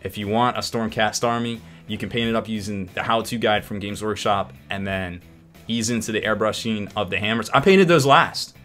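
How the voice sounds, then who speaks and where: A man's voice: lowish voice, normal speed, fairly bright tone, soft background music. Upbeat rambling live-stream host, a man. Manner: upbeat, rambling, laughs often. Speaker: host of a hobby painting show. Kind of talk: casual live-stream chat.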